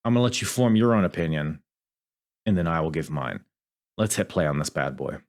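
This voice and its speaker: A man's voice: low-pitched, expressive, a little fast. A man hosting a podcast in casual review chat, rambling and swearing, often cutting himself off mid-sentence. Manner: rambling, profane, self-interrupting. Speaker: podcast host.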